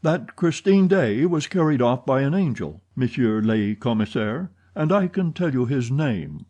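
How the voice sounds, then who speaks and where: A man's voice: mid-range voice, animated, measured pace, dark tone, voice pushed up. A man voicing an earnest, trembling young viscount in an audiobook, speaking insistently. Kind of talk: audiobook character reading.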